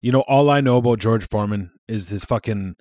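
A man's voice: fairly low pitch, brisk, a little mellow, no room sound, clean studio sound. A man co-hosting a podcast in casual chat, swearing freely and often trailing off mid-thought. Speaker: podcast co-host.

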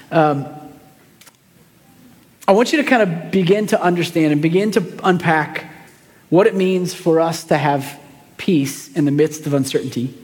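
A pastor, preaching a sermon in a relaxed, conversational way, telling a family story with lots of fillers and restarts. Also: male voice, on the high side, in a large hall.

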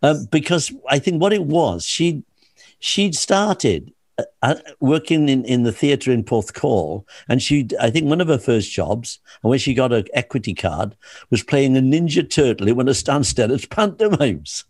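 A man's voice: mid-range voice, animated, normal speed, a little mellow, no echo, studio quality. Older man telling showbiz stories. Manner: chatty storyteller with laughs and restarts. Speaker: interview guest, comedy actor. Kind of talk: anecdotal chat.

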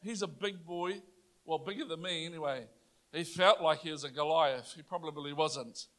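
A young adult man with a New Zealand accent, preaching a sermon, telling a personal story with animated energy that rises to loud declarations. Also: on the high side, normal speed.

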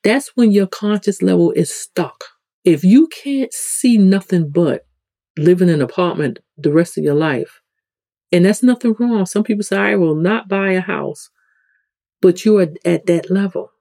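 Warm New York-accented spiritual podcast host. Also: expressive, a little slow, gravelly, dry recording. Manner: conversational, rambling, with frequent restarts; acts out quoted people with sudden pitch jumps. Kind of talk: casual spiritual teaching talk.

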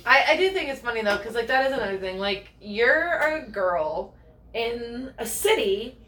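A woman's voice: on the high side, animated, normal speed, fairly bright tone, reverberant. A woman from rural Ohio chatting casually, blunt and swearing freely, often laughing. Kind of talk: casual chat.

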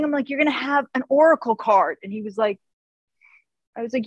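A woman author as a podcast guest, telling family stories in an animated way and acting out what people said. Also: a little high, quick pace, no echo, muffled recording. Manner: animated storyteller who acts out quotes. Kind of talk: casual interview chat.

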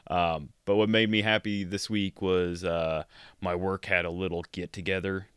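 A man's voice: low voice, little pitch movement, moderate pace, a bit bright, clear, resonant tone, no room sound, studio quality. A man co-hosting a podcast, rambling in laid-back, casual chat. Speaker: podcast co-host.

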